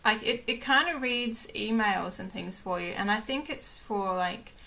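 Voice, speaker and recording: Bright-voiced young woman vlogging casually. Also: mid-range voice, unhurried, gravelly. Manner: rambling, lots of fillers and restarts, laughs often. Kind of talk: casual chat to camera.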